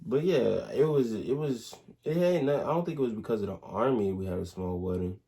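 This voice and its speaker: A young man, casually telling animated stories in a couple's Q&A, full of slang and restarts. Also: fairly low pitch, a little fast, creaky. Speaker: soldier in the Army, husband.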